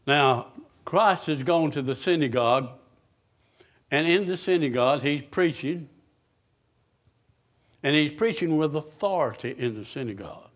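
Slow-talking preacher man. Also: fairly high pitch, animated. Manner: asks the congregation questions and answers them himself. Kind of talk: sermon.

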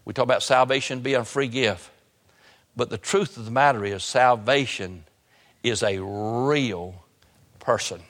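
A male pastor preaching a sermon in a church, repeating phrases and slowing down hard for emphasis. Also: mid-range voice, fairly bright tone. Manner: preaching with repetition and sudden slow emphasis. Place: church sanctuary. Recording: long hall reverb.

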